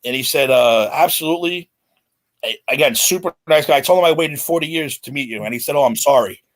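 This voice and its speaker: A man in his forties, a podcast guest, telling a celebrity story in an excited, animated way. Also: medium pitch, quick pace. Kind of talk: casual storytelling.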